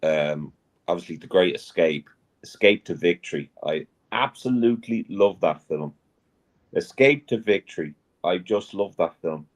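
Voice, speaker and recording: Male co-host, lowish voice, relaxed and conversational, fond of trivia. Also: normal speed. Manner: relaxed, shares trivia and viewer comments. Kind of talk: casual film chat.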